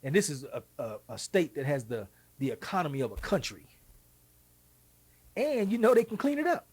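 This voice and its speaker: Husky Texan man, animated host. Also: on the high side. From Texas. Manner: animated, folksy, quick asides. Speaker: show host. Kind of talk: casual monologue.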